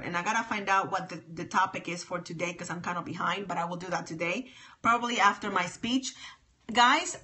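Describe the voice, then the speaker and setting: Her voice is mid-range and sharp as this livestream host talks casually with viewers on her phone. She comes across sassy and emphatic, repeating what she says.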